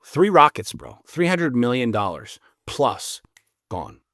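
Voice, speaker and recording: Man, podcast guest, animated and profane storyteller, mid-pitched voice, dry close sound. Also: slow pace, dry recording. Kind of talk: casual podcast conversation.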